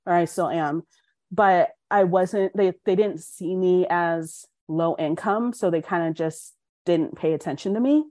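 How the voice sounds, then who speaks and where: A young adult woman with a voice on the low side speaks unhurriedly in clean studio sound without echo. She's a Colorado podcast guest giving a frank, animated account of her life and acting out others' dialogue.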